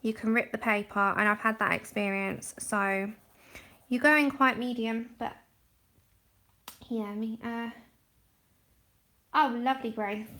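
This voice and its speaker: A woman's voice: fairly high pitch, measured pace, pauses often, pushed and bright. A woman hosting a livestream, chatting casually while explaining her colouring steps and thanking viewers by name. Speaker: livestream art host.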